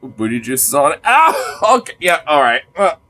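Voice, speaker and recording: A man's voice: on the high side, very animated, moderate pace, bright, forceful tone. A man chatting casually with his viewers on a livestream, crude and joking. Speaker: streamer.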